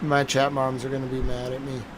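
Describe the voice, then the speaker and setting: A man's voice: mid-range voice, completely flat delivery, brisk, noisy background. Tired man chatting on a live stream. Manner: chatty, rambling, talks to his chat. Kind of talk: casual live-stream commentary.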